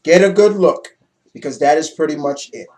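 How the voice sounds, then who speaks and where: A young man giving a casual, excitable comic book review, loose and swearing freely. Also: a little high, normal speed.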